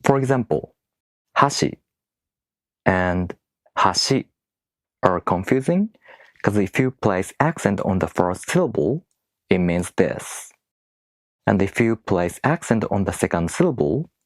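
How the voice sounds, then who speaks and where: A man whose first language is not English, teaching in a video lesson with rhetorical questions and slow, careful demonstrations of word stress. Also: deep voice, gravelly, dry recording. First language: non-English speaker.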